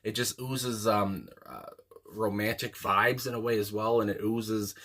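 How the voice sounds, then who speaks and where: A young man chats casually about a song he just heard, rambling and enthusiastic, with plenty of ums and uhs. His voice sits fairly low but sounds bright and forceful. He comes across as an eager host thinking aloud. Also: a little slow. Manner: rambling and enthusiastic, with frequent fillers. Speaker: music reaction channel host. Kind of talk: casual music reaction commentary.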